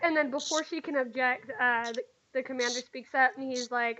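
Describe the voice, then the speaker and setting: Woman dungeon master, high bright voice, rambling narration, lo-fi sound. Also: steady tone, fairly quick. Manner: rambling, repeating filler phrases. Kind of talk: narrating a tabletop game.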